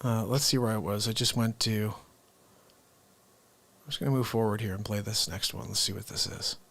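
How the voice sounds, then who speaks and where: A man hosting a comedy live stream, making quick, offhand asides to his viewers. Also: on the low side, fairly even intonation, creaky, a bit bright. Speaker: comedy show host. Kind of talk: casual live-stream chat.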